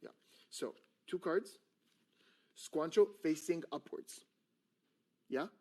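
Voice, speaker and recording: A man's voice: on the high side, takes it slowly. A man teaching a card trick in casual talk, explaining each move and acting out his exasperated patter. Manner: animated, acts out exasperated patter with a drawn stick figure.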